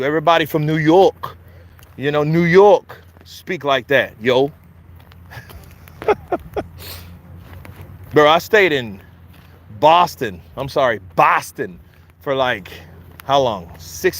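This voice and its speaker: A man's voice: a little high, expressive, slow, long pauses. A man with a Philadelphia accent hosting casual boxing commentary, loose and joking, hyping things up with repeated chants. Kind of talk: casual live-stream chat.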